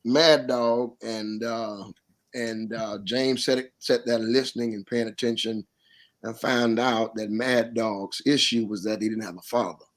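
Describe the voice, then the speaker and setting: A man who is a pastor, a guest on a casual panel, relaxed as he tells stories. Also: mid-range voice, measured pace. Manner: relaxed, anecdotal storytelling.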